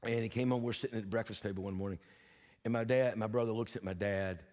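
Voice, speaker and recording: A man's voice: lowish voice, fairly even intonation, quick pace, darkish tone, in a large hall. An older man preaching a sermon as pastor, telling folksy stories with humor and then urging his listeners earnestly. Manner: earnest, emphatic exhortation. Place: church sanctuary.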